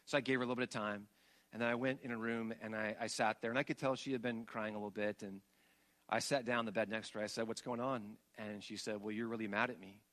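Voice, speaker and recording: A middle-aged male pastor preaching a sermon and telling family stories, rising to loud emphatic peaks and dropping to soft, hushed passages. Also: fairly low pitch, fairly even intonation, quick pace.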